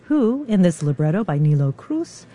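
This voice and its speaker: A radio interviewer giving scripted introductions and asking measured questions. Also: medium pitch, big pitch swings, warm tone.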